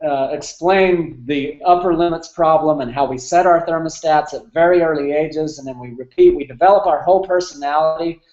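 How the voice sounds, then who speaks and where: A man's voice: on the high side, moderate pace, few pauses, a little mellow, reverberant, dull audio. A man in his thirties telling a candid, emotional personal story as an interview guest, with many fillers. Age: 30s.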